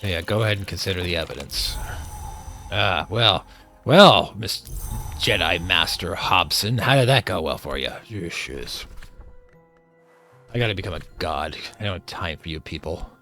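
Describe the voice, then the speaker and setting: A man's voice: low voice, lively intonation, moderate pace, pushed and bright, soft background music. A man hosting a video game let's play, casually commenting and hamming up a would-be villain. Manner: playful, slips into mock-villain theatrics.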